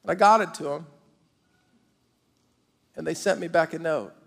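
High, gravelly man preaching in a big hall. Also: normal speed. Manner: animated preaching, direct address to the congregation. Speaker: pastor. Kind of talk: sermon. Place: large church auditorium. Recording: long hall reverb.

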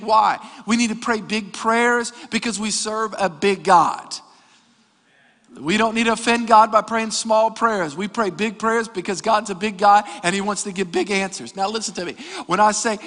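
A pastor, preaching an energetic sermon with jokes and calls to the congregation. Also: male voice, high voice, moderate pace. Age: 40s. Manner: energetic preaching with jokes and crowd call-outs. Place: church hall. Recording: reverberant church hall.

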